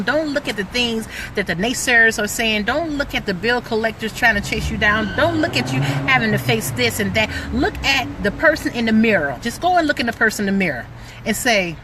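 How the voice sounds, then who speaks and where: A middle-aged woman giving an excitable, emphatic motivational talk to camera, preaching and peppering her talk with "like.". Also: a little high, fairly quick, noisy background. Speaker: motivational vlogger.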